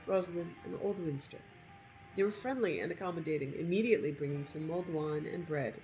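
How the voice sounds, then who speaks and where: A woman narrating a story over gameplay in an expressive reading voice. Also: lowish voice, low-quality recording.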